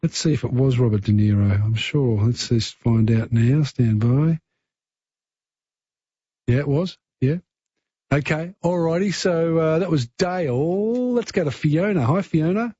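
A man's voice: fairly high pitch, measured pace, warm tone, slightly rough, no room sound, lo-fi sound. A man hosting a radio talkback quiz, chatty and encouraging, giving callers hints.

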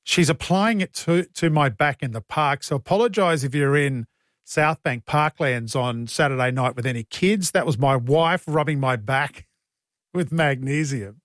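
A man's voice: medium pitch, a little slow, a bit bright, no echo. An Australian man hosting a talkback radio show in a studio, chatty, joking and blunt. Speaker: radio host. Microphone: studio mic.

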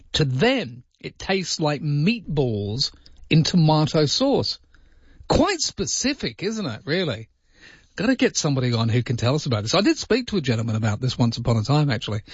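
A man hosting a radio show in casual chat, musing aloud with quick jumps up in pitch on his asides. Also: husky, no echo, lo-fi sound. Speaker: radio host.

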